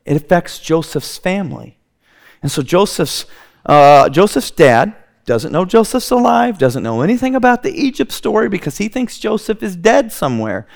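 A man preaching a sermon, retelling a scripture story and quoting its characters in lively, acted-out voices. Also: normal speed, gravelly. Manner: drops low and quiet when quoting characters.

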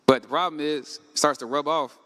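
A man preaching a sermon, asking the congregation questions and rising to shouts. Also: a little high, steady tone, fairly quick. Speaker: pastor. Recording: echoey hall with long reverb.

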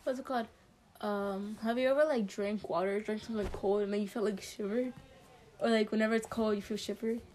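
A woman's voice: medium pitch, steady tone, fairly quick, a little mellow. A young woman chatting casually, playful and giggly. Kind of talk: casual chat.

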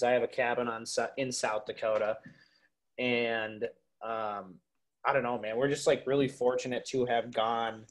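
Young man, podcast guest, animated storyteller, casual and profane, mid-pitched voice. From Minnesota. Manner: animated storyteller, swears freely, lots of "like" and "dude". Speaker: podcast guest, waterfowl hunter.

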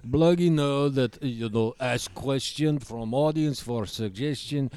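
Man voicing a tracksuit-clad Eastern European spirit, third-person broken English, put-on accent, slow and dry. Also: medium pitch, darkish tone, clean tone, no echo, close to an everyday voice. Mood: boastful. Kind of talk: improvised comedy podcast bit.

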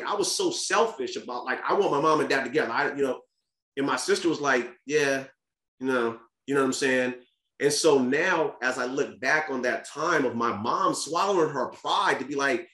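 Man, podcast guest, candid personal storytelling, earnest, casual slang, repeats words, middle pitch, roomy echo. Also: normal speed, a bit bright.

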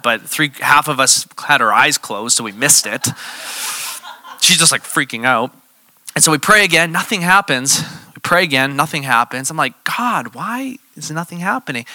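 A man preaching in a casual, conversational way, telling a story and acting out the dialogue with lively energy. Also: mid-range voice, dry recording. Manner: animated, acts out quoted dialogue; casual, conversational, uses fillers like "like" and "you know". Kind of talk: sermon storytelling.

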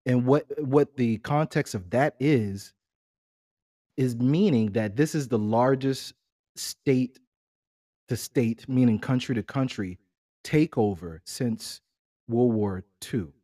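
A man's voice: mid-range voice, takes it slowly, mellow, no room sound, clean studio sound. A middle-aged man co-hosting a casual family podcast, talking in a laid-back, rambling way and laughing often. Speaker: podcast co-host.

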